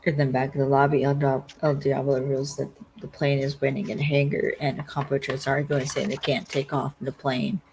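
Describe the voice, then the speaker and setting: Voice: medium pitch, completely flat delivery, brisk, few pauses, darkish tone, slight background noise, poor audio. Rambling podcast host retelling an episode. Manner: rambling retelling full of "like" fillers. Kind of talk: casual TV episode recap chat.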